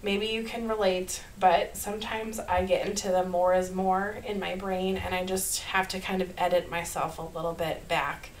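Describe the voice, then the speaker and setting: A woman with a Minnesota accent, talking through a card-making tutorial in a chatty, upbeat way and laughing softly at herself. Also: fairly low pitch, flat delivery, moderate pace, few pauses, slight background noise, rough recording. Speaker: card-making channel host. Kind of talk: casual craft tutorial voice-over.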